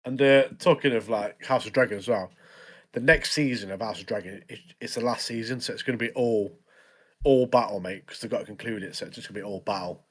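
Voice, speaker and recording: Man, young adult, podcast co-host, relaxed chat, frequent laughter. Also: on the low side, brisk. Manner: easygoing, laughs often, trails off with "mate". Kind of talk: casual chat.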